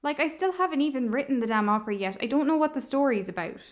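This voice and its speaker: Lonely young woman in a cartoon, blunt and touchy, kinda high voice. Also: lively intonation, fast talker. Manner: blunt and defensive. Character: lonely young woman planning an opera, prickly and defensive. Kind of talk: animated film dialogue.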